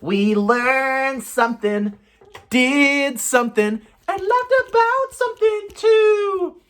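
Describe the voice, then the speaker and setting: A woman voicing a high singsong puppet girl. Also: animated, slow pace. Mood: cheerful. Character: cheerful joke-telling puppet girl. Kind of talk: children's puppet show.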